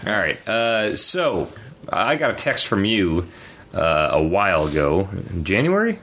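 A man's voice: low-pitched, sing-song, unhurried, a bit bright. A man hosting a casual podcast chat, rambling and teasing. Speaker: podcast host. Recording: faint background noise.

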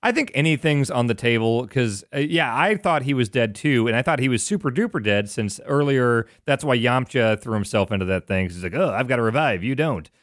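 A man co-hosting a casual anime recap chat, animated and swearing freely. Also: mid-range voice, brisk, few pauses, dry recording, clean studio sound. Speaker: podcast co-host.

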